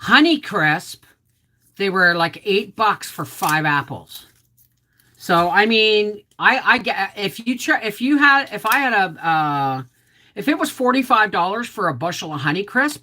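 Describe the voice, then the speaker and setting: A woman's voice: on the low side, pushed and bright. A middle-aged woman hosting a casual homestead livestream, rambling chattily and greeting viewers by name, her voice a little off. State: voice slightly off.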